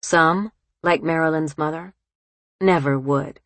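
A woman reads a literary story aloud in a low, unhurried voice. Her delivery is measured and even, recorded close and dry with no room sound. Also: no echo. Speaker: narrator. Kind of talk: audiobook narration.

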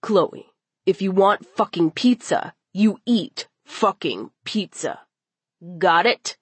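Woman reading a bossy angry teen boy, rough, commanding, unhurried. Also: medium pitch, expressive, dry recording. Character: angry, bossy teenage boy Amo, short-tempered.

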